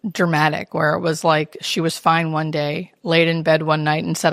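A woman's voice: deep voice, moderate pace, hardly any pauses, dry recording, studio quality. A woman, a hospice nurse, telling stories in an interview and acting out the voices of the people in them. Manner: animated storyteller who acts out quoted speech. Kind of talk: interview storytelling.

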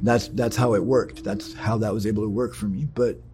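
A man's voice: on the low side, steady tone, normal speed, warm tone, slight background noise. A man candidly recounting his divorce and recovery, swearing often and rambling through fillers and restarts. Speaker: person telling his life story. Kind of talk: candid personal storytelling.

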